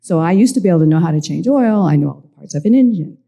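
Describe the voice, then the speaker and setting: A woman on a church panel, a pastor's daughter, telling reflective stories about her family in a halting way. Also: on the low side, expressive, gravelly, warm tone, muffled recording. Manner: reflective, halting with frequent restarts. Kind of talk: reflective personal storytelling.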